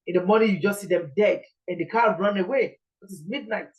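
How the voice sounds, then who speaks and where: A woman's voice: mid-range voice, brisk, highs cut off. A Nigerian woman preaching an informal sermon in an earnest, pleading way, repeating her points.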